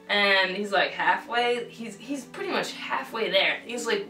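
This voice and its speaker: A woman's voice: medium pitch, expressive, measured pace, sharp tone, far from the mic. A young woman retelling an old tale in slangy, rambling casual chat, full of fillers and restarts. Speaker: drunk storyteller. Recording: roomy, from off-mic, faint music.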